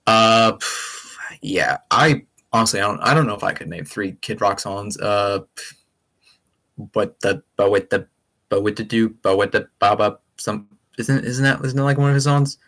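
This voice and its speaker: Young man, casual livestream chat, low voice, rambling, enthusiastic, fillers and restarts. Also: a little slow, a bit bright. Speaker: livestream host.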